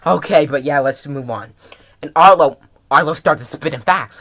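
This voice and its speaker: A webcomic reviewer in an excited casual review, gushing and filler-heavy, jumping into high squeals and dropping to soft murmurs. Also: moderate pace. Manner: drops to soft, low murmurs when serious.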